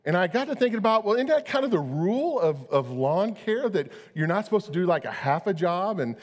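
A man's voice: high voice, very animated, a little fast. A middle-aged man preaching a sermon, chatty and storytelling, often repeating his words. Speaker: pastor. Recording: long hall reverb.

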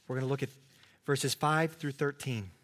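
A man preaching a sermon as pastor, earnest, at times dropping to a soft hush. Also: medium pitch, moderate pace.

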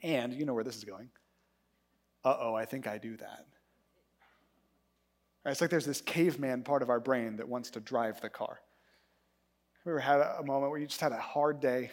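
A man preaching a sermon, telling a story with lively, acted-out character voices. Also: medium pitch. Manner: animated storytelling, acting out characters in quick voices. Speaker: pastor.

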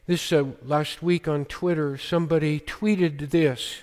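A man preaching a sermon as pastor, slow and emphatic, often quoting scripture. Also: a little high, steady tone, darkish tone, long reverb tail.

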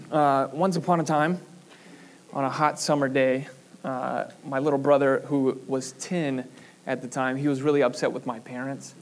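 A young man preaching, reading scripture in a measured way, then telling a chatty personal story with fillers and laughs. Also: mid-range voice, fairly even intonation, slight background noise.

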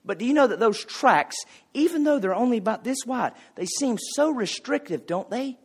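Folksy preacher, male, high-pitched, conversational sermon delivery with light humor. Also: lively intonation, moderate pace, breathy edge. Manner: folksy, conversational, jokes with the congregation. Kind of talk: casual sermon with anecdotes.

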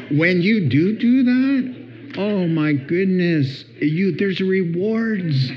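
A man preaching a sermon as a pastor, playful and deliberate, acting out what spouses say. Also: high voice, expressive. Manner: playful, acts out spouses' words with laughter. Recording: dull lo-fi sound.

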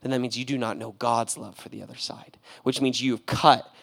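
A young man preaching a casual, animated sermon, full of slang and acted-out quotes. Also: medium pitch, brisk, creaky. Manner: animated, casual slang, acts out voices with laughs. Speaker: pastor.

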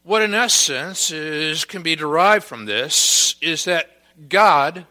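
A man preaching a sermon as pastor to his congregation, deliberate and emphatic, leaning hard on repeated key words. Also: fairly high pitch, animated, bright, forceful tone, in a large hall.

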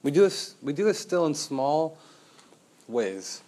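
A young adult man preaching a sermon as pastor, conversational and animated, asking the room rhetorical questions and acting out quotes. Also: a little high, takes it slowly.

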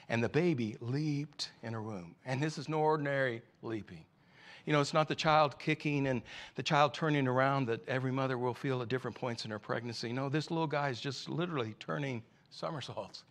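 A man preaching a sermon as a pastor. He asks many rhetorical questions and swings between loud, emphatic passages and quiet, hushed ones. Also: mid-range voice.

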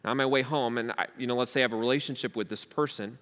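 A man's voice: medium pitch, steady tone, very fast, fairly bright tone, in a large hall. Emphatic young male pastor preaching. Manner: emphatic, asks rhetorical questions. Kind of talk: sermon. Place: church hall.

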